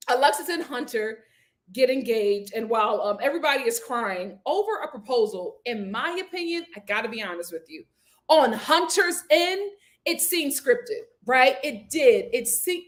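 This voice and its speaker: A woman hosting a casual review show, talking straight to viewers in a candid, opinionated, animated way. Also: moderate pace. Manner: animated and expressive, acts out quotes with big pitch jumps. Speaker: host reviewing a reality show. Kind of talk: casual chat.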